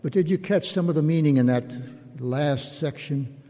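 An older man, a pastor, giving a slow and reflective sermon in measured, drawn-out phrases. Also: on the high side, mellow. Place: church sanctuary. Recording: long reverb of a church hall.

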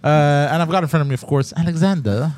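A man's voice: on the high side, fast, darkish tone, dry recording. A young man hosting a podcast in crude, joking casual chat. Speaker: podcast host.

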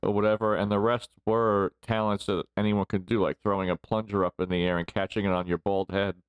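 A man's voice: lowish voice, level tone, fairly quick, clean tone, no room sound. A man in his forties, a podcast guest telling rambling stories and laughing often as he talks. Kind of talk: casual storytelling interview.

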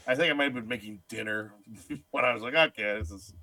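Bright-voiced wisecracking man on a podcast. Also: medium pitch, fast. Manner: wisecracking, riffs in mock character voices. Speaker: podcast co-host. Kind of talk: casual movie review chat.

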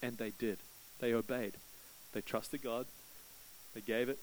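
A man preaching from the pulpit, his voice sitting in a middle register. He tells a story casually and warmly, lifting his pitch when he acts out desperate prayers. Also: fairly even intonation, unhurried, low-quality recording. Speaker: pastor. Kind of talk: sermon.

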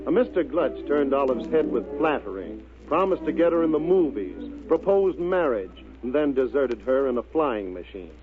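A man's voice: mid-range voice, moderate pace, hardly any pauses. A male announcer recapping the story in 1930s radio style. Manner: even, recap-style narration. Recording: tinny 1930s radio recording with music.

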